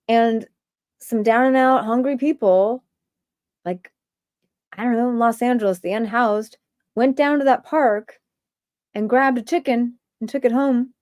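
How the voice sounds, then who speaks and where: A woman's voice: fairly high pitch, unhurried, pauses often, darkish tone, dry recording, clean studio sound. A woman hosting a livestream, ranting in a rambling stream-of-consciousness way with many filler words. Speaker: livestream host.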